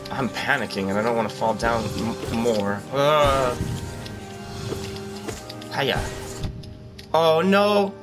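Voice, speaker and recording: A man's voice: mid-range voice, slow, long pauses, over music. A man hosting a gaming channel, giving jokey let's-play commentary and yelping and exclaiming as he plays. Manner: excitable, jokey, yelps and exclaims while playing.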